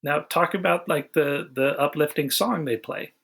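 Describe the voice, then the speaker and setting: A man's voice: fairly high pitch, normal speed, creaky, a bit bright, slightly rough. A man hosting a casual movie-review chat, recapping the plot with dry, wry humor. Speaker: podcast host.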